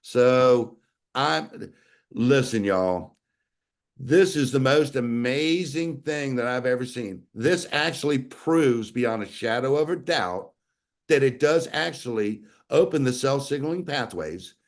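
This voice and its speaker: A man telling a story in a folksy, animated way over a video call, acting out the dialogue he quotes. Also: medium pitch, takes it slowly. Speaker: guest sharing a testimonial. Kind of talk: casual storytelling.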